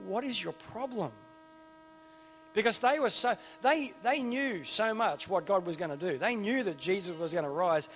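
High-voiced chatty man preaching. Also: fairly bright tone. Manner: enthusiastic and chatty, with frequent restarts and asides. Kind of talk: informal sermon. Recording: long reverb with faint music behind.

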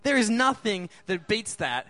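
Upbeat high-voiced preacher. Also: male voice, very animated, a little slow, sharp tone, dry recording. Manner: upbeat, keeps asking the crowd questions. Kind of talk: sermon.

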